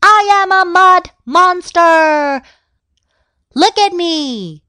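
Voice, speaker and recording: A shrill, excitable mother goose shrieks about her precious eggs, as a woman puts her on for a storybook reading. The voice leaps very high and swings wildly up and down. It sounds close and dry, with no room around it. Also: very slow, no echo, full character voice. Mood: playful. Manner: shouting, excitable.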